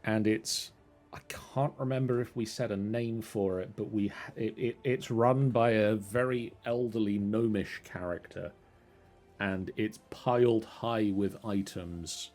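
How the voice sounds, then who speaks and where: A man's voice: lowish voice, fairly even intonation, measured pace, a little mellow, soft background music. A man narrating a tabletop game as game master, describing scenes in a rambling way with fillers.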